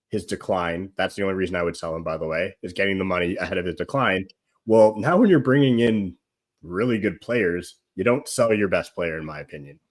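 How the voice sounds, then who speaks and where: Animated low-voiced man rambling about football. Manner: animated and rambling, lots of "like" and laughs. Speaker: guest pundit. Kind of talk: casual football chat.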